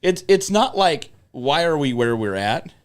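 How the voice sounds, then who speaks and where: A young man with a voice on the high side tells road stories at an unhurried pace while co-hosting a podcast. The chat is casual, and he swears freely and animatedly plays out the quotes.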